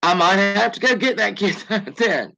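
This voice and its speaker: A woman's voice: mid-range voice, expressive, a little slow, vocal fry, pushed and bright, rough recording. Chatty, joking woman livestream host in her forties. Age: 40s. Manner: chatty, joking, swears freely. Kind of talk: casual chat.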